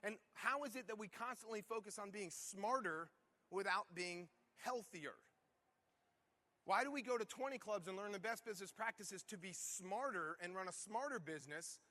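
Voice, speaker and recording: Man, high voice, bright tone, motivational keynote, rhetorical questions, conference room. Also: normal speed. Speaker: conference speaker.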